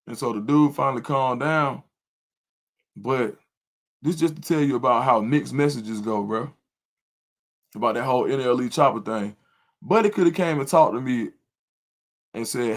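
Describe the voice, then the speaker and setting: Middle-aged man, animated livestream storyteller and host. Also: normal speed, long pauses. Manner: animated storyteller, jumps to high loud voice when quoting himself. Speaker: volunteer youth football coach and show host.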